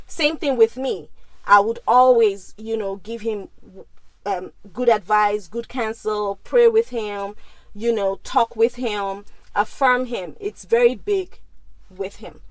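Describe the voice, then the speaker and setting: A woman's voice: mid-range voice, a little slow, no echo, low-quality recording. Chatty woman vlogger, dry close sound. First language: Igbo. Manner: chatty, often asks okay?. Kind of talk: casual talk to camera.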